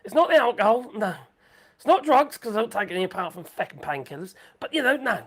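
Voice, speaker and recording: Woman, live-stream host, chatty and excitable, sweary, very lively pitch. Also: fast talker, breathy edge. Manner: excitable, swears freely, laughs a lot. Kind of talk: rambling live-stream chat.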